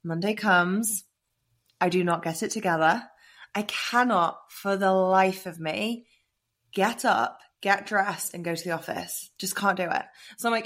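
Animated British woman telling her story. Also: mid-range voice, a little slow. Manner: animated, acts out her own past thoughts in quotes. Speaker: podcast guest. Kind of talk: candid personal storytelling.

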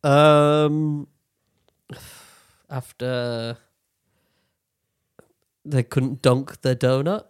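A man's voice: mid-range voice, steady tone, drawn-out words, long pauses, clear, resonant tone, no echo, clean studio sound. A man co-hosting a podcast, chatting casually, swearing a lot and laughing often. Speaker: podcast co-host. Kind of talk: casual banter.

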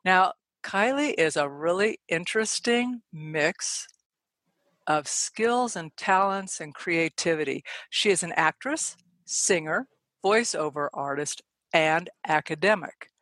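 A woman hosting a podcast, reading a guest introduction and then asking questions, eager and quick. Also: fairly low pitch, animated, fairly bright tone, no room sound. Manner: enthusiastic, quick, admiring. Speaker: podcast host.

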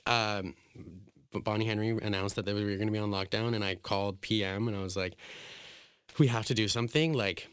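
A man's voice: fairly low pitch, flat delivery, a little fast, a bit bright, clean tone, no echo. A man, a drag performer, telling stories in a casual interview, chatty and emotional, full of filler words, laughing often and acting out what people said.

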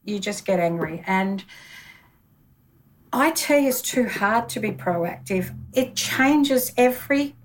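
A woman's voice: mid-range voice, expressive, slow pace, distant mic, low-quality recording. A woman, a bookkeeper, telling her story in a conversational interview, acting out her own past dialogue.

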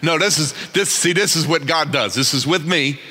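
A man preaching a sermon in a church, animated and folksy, joking about himself. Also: on the high side, moderate pace, slightly rough, big-room sound. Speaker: pastor.

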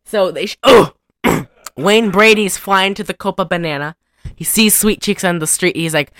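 A woman's voice: normal speed, fairly bright tone, no echo, studio quality. A young woman co-hosting a podcast, recapping a movie in a rambling, giggly chat. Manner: rambling, giggly, sings snatches in falsetto. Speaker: podcast co-host.

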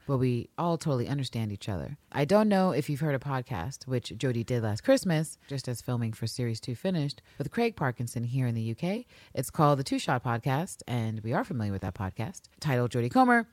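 Woman podcaster with a low voice, jumps all over in pitch, cusses a lot, dry close mic. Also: no echo. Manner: swears freely, laughs often, animated. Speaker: podcast co-host. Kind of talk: casual podcast chat.

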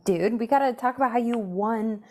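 A woman's voice: on the high side, moderate pace, darkish tone. A woman hosting a podcast, chatting playfully and teasing her guest with lots of giggles. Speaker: podcast host. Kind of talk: casual interview chat.

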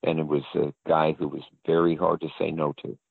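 An older man from the American South, with a very deep, low voice, tells a story in a rambling way, stopping often with fillers and restarts. He is heard over a thin, phone-like line with no room sound at all. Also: level tone, brisk, gravelly, husky, dry recording. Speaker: interview guest. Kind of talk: casual anecdotal storytelling.

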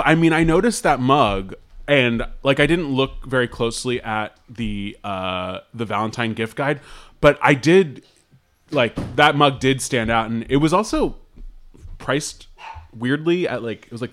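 A man's voice: medium pitch, lively intonation, unhurried, fairly bright tone. A man co-hosting a podcast, chatting casually in a hesitant, wry, rambling way. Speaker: podcast co-host. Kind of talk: casual chat.

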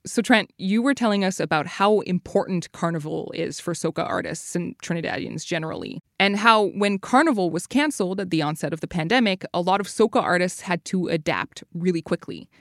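A woman's voice: on the low side, expressive, fairly quick, few pauses, no echo. Brief: female news podcast host, inquisitive and conversational, dry, close-miked sound. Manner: curious, conversational questioning. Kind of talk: interview questions.

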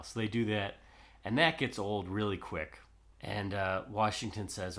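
A man's voice: lowish voice, measured pace, fairly bright tone. Man casually retelling history. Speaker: history podcast host. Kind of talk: casual storytelling chat.

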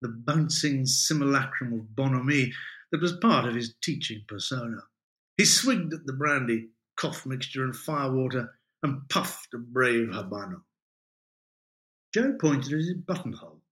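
Man reading his own story, lively. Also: mid-range voice, measured pace. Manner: vivid, expressive storytelling. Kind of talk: literary reading.

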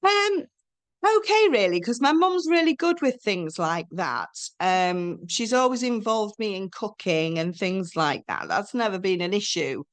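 A middle-aged woman talking as a guest in a casual conversation, chatty and animated, telling stories and acting out what people said. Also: mid-range voice, a little slow, few pauses. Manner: chatty, animated storytelling with acted quotes.

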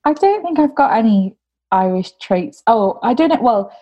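Mellow, rambling young woman. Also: fairly high pitch, animated, normal speed, dull audio. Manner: rambling, heavy use of "like" fillers. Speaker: interviewee. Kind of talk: casual conversation.

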